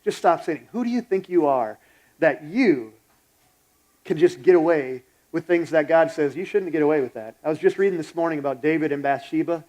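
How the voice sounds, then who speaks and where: A man's voice: a little high, brisk, darkish tone, low-quality recording. A pastor preaching a sermon in a blunt, exhorting, conversational way, retelling a story as he goes.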